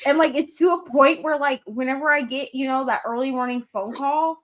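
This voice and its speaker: A woman with a high voice tells a lively story on a casual stream. She keeps adding "like" as she goes, and her telling is quick and animated. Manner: animated storyteller, lots of "like" fillers. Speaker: co-host. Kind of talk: casual chat.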